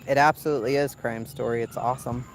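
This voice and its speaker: A woman's voice: extremely low pitch, steady tone, fast talker, background noise. A woman from the southern United States chatting casually on a phone stream while walking outdoors at night. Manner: chatty, calls out loudly to her kid, drops to a whisper. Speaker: channel host.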